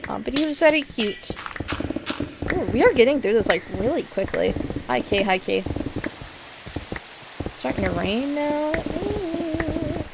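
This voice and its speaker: A woman's voice: high-pitched, lively intonation, measured pace, creaky, long pauses. A woman streamer chatting casually while playing a block-building game, rambling with lots of fillers and frequent giggles. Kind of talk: casual gaming stream chat. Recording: audible background noise.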